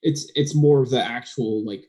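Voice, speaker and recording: A man talking as a podcast guest in casual chat, acting out what others said with lively shifts in voice. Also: mid-range voice, moderate pace, over a noisy crowd. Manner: animated, acts out quoted dialogue. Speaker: guest, firearms trainer.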